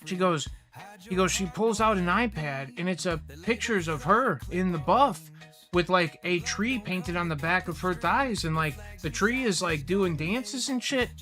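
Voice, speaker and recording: Animated, profane male stream host. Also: high voice, a little slow, soft background music. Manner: rambling, profane, animated retelling of customer stories. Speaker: livestream host. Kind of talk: casual storytelling chat.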